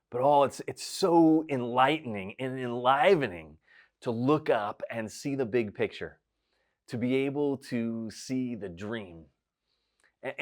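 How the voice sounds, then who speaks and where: A middle-aged man speaking as a pastor to church study groups. His mid-range voice stays conversational and easygoing, and he tells a story with self-deprecating humor. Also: mid-range voice. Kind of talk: small-group study video talk.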